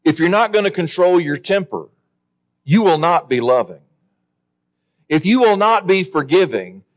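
Pitched on the high side, a man's voice preaches a sermon in an earnest, emphatic manner, pausing his pace to press on key words.

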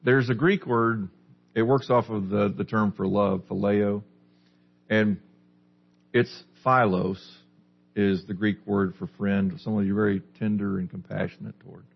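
A pastor preaches in a deep, husky voice, posing questions to his congregation and then answering them himself. His tone holds steady and his pace is a little slow. The audio sounds muffled and lo-fi.

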